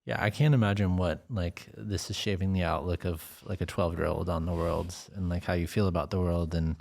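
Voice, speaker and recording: A man hosting an interview, reflective and halting, stringing thoughts together with repeated "and". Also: sits low, steady tone, creaky, a little mellow. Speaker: podcast host. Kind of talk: conversational interview.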